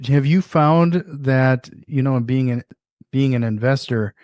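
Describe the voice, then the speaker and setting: A man's voice: mid-range voice, takes it slowly, darkish tone, no room sound, clean studio sound. A man hosting a casual podcast interview who asks follow-up questions and often restarts his sentences as he talks. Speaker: podcast host.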